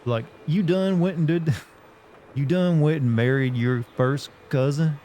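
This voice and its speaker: A man's voice: fairly high pitch, unhurried, warm tone, slight background noise, natural voice. A man putting on an exaggerated Southern US accent, playing a crude rural hick with a drawling twang. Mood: mocking.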